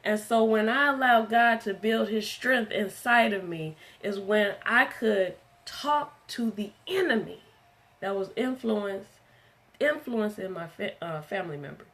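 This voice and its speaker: A woman's voice: mid-range voice, measured pace, fairly bright tone. A woman preaching a livestreamed testimony sermon, earnest and emphatic, driving her points home by repeating them.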